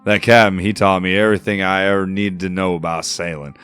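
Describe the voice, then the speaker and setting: A man reading a game journal aloud as a gruff old male pirate captain, in a rough folksy drawl with dropped grammar. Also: sits low, little pitch movement, brisk, a bit bright, soft background music. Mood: gruff reminiscing.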